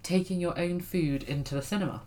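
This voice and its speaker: Fast-talking young woman. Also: lowish voice, warm tone, a little hiss or hum. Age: young adult. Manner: quick, playful storytelling. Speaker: podcast co-host. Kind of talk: casual chat.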